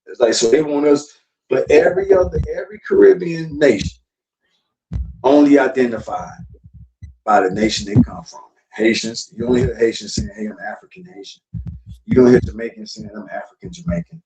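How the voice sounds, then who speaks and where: A man's voice: fairly high pitch, big pitch swings, normal speed, vocal fry. A man from South Florida hosting a casual livestream talk, lecturing bluntly and with profanity to his chat. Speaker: podcast host. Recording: echoey room with faint noise.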